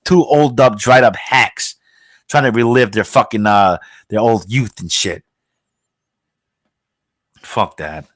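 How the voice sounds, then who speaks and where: A man's voice: on the low side, takes it slowly, pauses often, a bit bright, dry recording. A man hosting a podcast, ranting in a heated, profane and outraged way. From United States. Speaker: podcast host.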